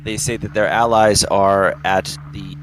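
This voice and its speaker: A man's voice: fairly low pitch, fairly even intonation, measured pace, faint music behind, rough recording. A man playing a tabletop game, speaking formally as his character. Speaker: player.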